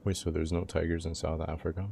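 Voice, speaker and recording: Deep gravelly young man streaming. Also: level tone, quick pace, dark tone, slight background noise. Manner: laid-back, slangy, talks to chat. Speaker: live streamer. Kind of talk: casual livestream chat.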